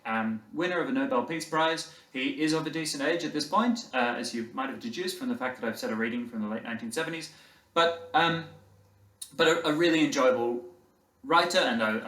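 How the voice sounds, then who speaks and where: A man giving a university lecture in a lecture hall, conversational and halting, with many fillers. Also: medium pitch, fairly bright tone. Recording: roomy hall, distant mic.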